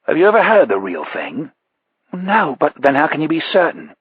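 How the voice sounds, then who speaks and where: A man voicing a gruff, impatient male executive producer who barks orders. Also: fairly high pitch, huge pitch swings, normal speed, no echo, pitched above the performer's own voice, heavily acted. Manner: brusque, barking orders. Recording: dull lo-fi audiobook recording.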